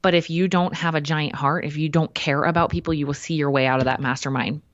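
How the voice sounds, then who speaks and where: A woman, a podcast guest, telling a personal story in a lively way and acting out what people said. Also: sits low, fast, no room sound, lo-fi sound. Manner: animated storyteller who acts out quotes.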